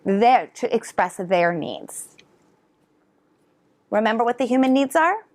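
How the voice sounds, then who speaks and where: A middle-aged woman educator giving a conference talk to parents and teachers, animated and drawing answers from the audience. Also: a little high, a little slow. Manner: animated, asks the audience to respond. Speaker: educator presenter. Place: conference hall.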